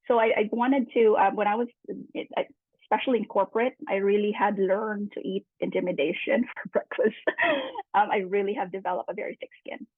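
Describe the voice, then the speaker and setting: A woman speaking on a panel, talking haltingly with many restarts. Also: medium pitch, steady tone, slightly rough, no echo. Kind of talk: panel discussion. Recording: dry, tinny phone-like line.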